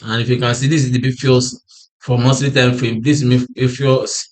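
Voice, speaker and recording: Man for a trading chart lesson, tired and yawning, mid pitch, keeps repeating phrases and asking himself "what?" before answering. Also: little pitch movement, normal speed. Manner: repetitive, restarts phrases, asks himself "what?" then answers. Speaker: forex trading analyst. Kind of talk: screen-share chart walkthrough.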